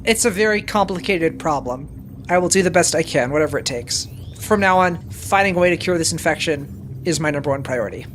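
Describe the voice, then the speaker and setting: Lower-voiced woman player, measured. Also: animated, slight background noise. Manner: measured, earnest in character. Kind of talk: playing a tabletop game.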